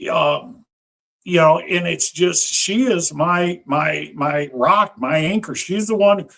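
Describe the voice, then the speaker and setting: A man who works as a professional Santa, speaking as a guest in a casual interview. His voice is high for a man and he talks slowly. He is earnest and pauses on fillers.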